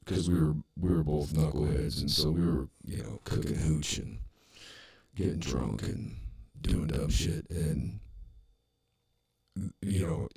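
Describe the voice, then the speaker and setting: A man's voice: extremely low pitch, creaky, darkish tone, husky. A middle-aged man hosting a podcast, telling a rambling, profane story full of restarts and fillers. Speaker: podcast host. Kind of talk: casual storytelling monologue.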